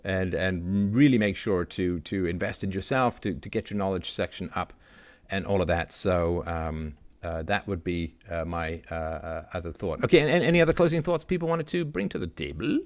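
Low-voiced man ranting emphatically. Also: normal speed. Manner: animated, emphatic, mimics other voices. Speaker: host of a roundtable discussion. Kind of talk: casual panel discussion, ranting.

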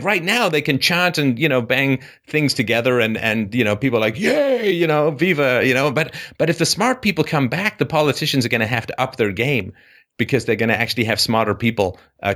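A man's voice: mid-range voice, animated, brisk, a bit bright. A man hosting a call-in show, talking emphatically and acting out quoted voices. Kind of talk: casual call-in conversation.

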